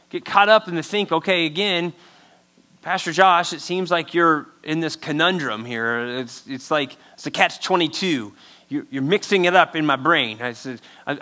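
Guy pastor preaching, pretty high voice, chatty and emphatic. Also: pushed and bright. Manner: conversational, emphatic preaching with acted-out quotes. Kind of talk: sermon.

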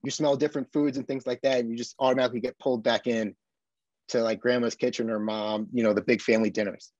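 A man from the United States, a podcast guest, telling his experiences in an earnest, animated way with frequent tag questions. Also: medium pitch, fast talker, dry recording, muffled recording. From Buffalo, USA. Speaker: podcast guest, army veteran. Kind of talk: casual conversation.

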